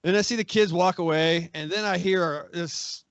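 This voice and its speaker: Profane storytelling man, higher voice. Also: normal speed, clear, resonant tone, dry recording, muffled recording. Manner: profane, animated, acts out quoted voices. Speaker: guest, magazine editor. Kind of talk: casual storytelling, war anecdote.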